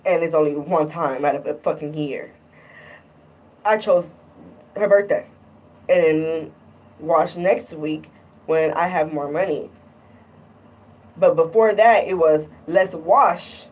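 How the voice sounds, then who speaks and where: A woman's voice: low-pitched, slow, long pauses, a little mellow, far from the mic, low-quality recording. A woman talking casually in a vlog, irritated and rambling, often repeating herself. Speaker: vlogger.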